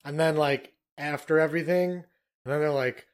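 Dude rambling and cursing thru a history chat, voice a bit on the high side. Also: male voice, fairly even intonation, normal speed. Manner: rambling, profane, filler-heavy.

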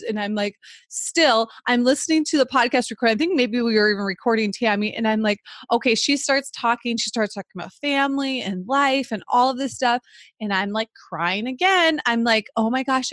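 A woman, co-hosting a podcast and telling a story in animated, casual chat full of "like" fillers. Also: a little high, no room sound. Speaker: podcast co-host.

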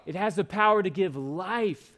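A man's voice: high-pitched, moderate pace, fairly bright tone. A pastor preaching a sermon, reading scripture aloud and pressing his points with emphatic repeated exhortations.

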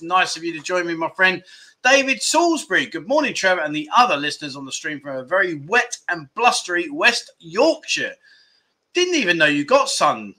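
A man's voice: high voice, bright, forceful tone. A man hosting a casual livestream, chatting and joking as he greets viewers by name and reads out their comments. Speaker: livestream host. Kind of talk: casual live chat, reading viewer comments.

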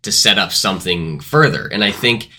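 A man's voice: sits low, expressive, normal speed, pushed and bright. A man co-hosting a casual movie review podcast, rambling and correcting himself as he goes. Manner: rambling, self-correcting, hedging. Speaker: podcast co-host.

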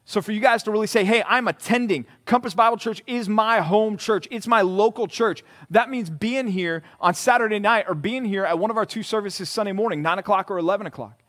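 High-voiced male pastor, conversational sermon. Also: fairly bright tone. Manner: conversational, emphatic, repeats key words. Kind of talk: sermon to a college group. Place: church meeting room.

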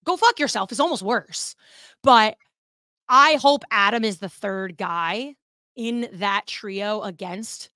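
A woman hosting a wrestling podcast in a casual, chatty monologue, animated and swearing freely. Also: medium pitch, takes it slowly, no echo, studio quality.

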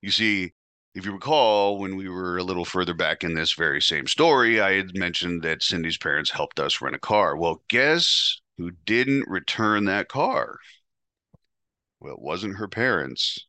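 A man's voice: deep voice, expressive, measured pace, bright, forceful tone, no echo. A man hosting a podcast, telling a candid personal story in a blunt, profane, confessional way. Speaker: podcast host.

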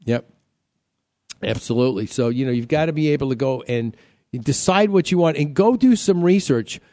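Chatty radio host with a mellow voice. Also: male voice, mid-range voice, animated, normal speed, dry recording. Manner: chatty, repeats himself, joking. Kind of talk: casual radio talk.

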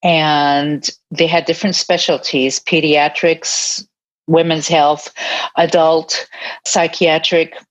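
Low-voiced older woman telling her story. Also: flat delivery, takes it slowly. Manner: earnest, reflective, laughs softly now and then. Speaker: guest, retired army nurse practitioner. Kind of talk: interview, personal storytelling. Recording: dull lo-fi sound.

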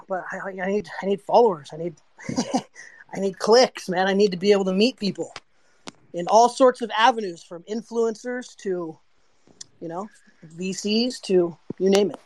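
A man's voice: high-pitched, normal speed, a little mellow, no echo. A man in a casual online voice chat, talking in a rambling, earnest way about his own plans. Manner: rambling, earnest, self-promoting. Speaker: guest speaker.

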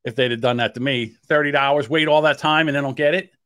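Co-hosting a casual podcast, a man with a mid-range voice talks fast, telling rambling stories and animatedly acting out the voices of the people in them. The sound is clean studio quality with no room sound, the talk casual chat and storytelling rants.

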